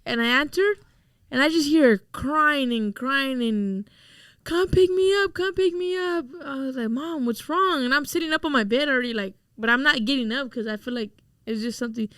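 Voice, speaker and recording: High-voiced young daughter telling a story. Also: female voice, a little fast, bright, forceful tone, clear, resonant tone, no echo, clean studio sound. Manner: blunt, swearing, laughing. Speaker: daughter retelling a family story. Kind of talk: casual storytelling chat.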